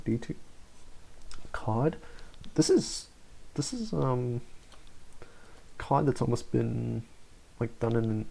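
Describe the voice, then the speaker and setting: A young man rambles through a casual solo podcast chat, restarting sentences and swearing freely. His voice is gravelly with a mellow, dark tone. He talks loosely, piling up fillers as he goes. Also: mid-range voice. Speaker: podcast host.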